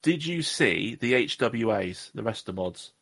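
A man's voice: medium pitch, animated, normal speed, creaky, a bit bright. A man from southwest England co-hosting a podcast, rambling and joking at his own expense in casual chat. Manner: jokey, rambling, self-deprecating. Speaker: podcast co-host.

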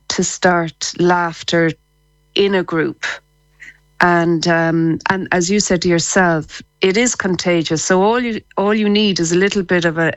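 An Irish woman, a psychotherapist, explaining laughter therapy as a radio guest, enthusiastic and quick to laugh. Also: on the low side, no room sound, low-quality recording.

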